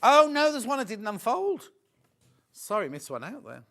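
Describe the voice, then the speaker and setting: A man presenting a live TV shopping demo, chatty and excitable, gushing over the products and chatting with viewers and crew. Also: very high-pitched, moderate pace.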